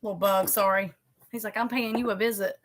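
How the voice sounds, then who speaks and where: A woman's voice: mid-range voice, fairly even intonation, fairly quick, a little hiss or hum. A middle-aged woman, chatting casually and rambling as she decorates a planner for her vlog. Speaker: vlogger.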